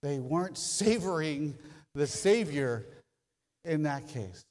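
High-voiced preacher in a reverberant hall. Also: male voice, slow pace. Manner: animated storytelling, emphatic repeated phrases. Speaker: pastor. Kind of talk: sermon.

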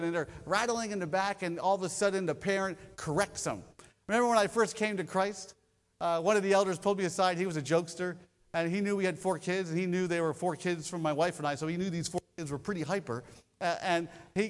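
A high-pitched male pastor delivers a sermon in a storytelling manner. He slows down to lean on key words and then rattles through quick asides. His voice rings out with the long reverb of a church hall. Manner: storytelling, shifting between slow emphasis and quick asides.

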